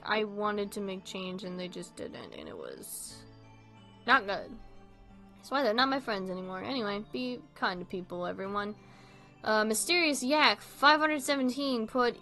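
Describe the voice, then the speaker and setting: A young woman with a medium-pitched voice hosts a casual video, reading online posts aloud and commenting animatedly. She swears freely and laughs often.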